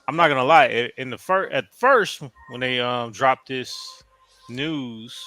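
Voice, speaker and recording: A man in a casual chat, talking in an easygoing, candid way with relaxed slang. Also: medium pitch, unhurried, no room sound, soft background music.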